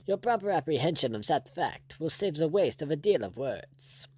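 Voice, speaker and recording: A man's voice: fairly high pitch, animated, moderate pace, a little mellow, voice pushed up. A man voicing a haughty, arrogant French baron general, speaking with cold disdain. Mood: disdainful. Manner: disdainful, icy, angry.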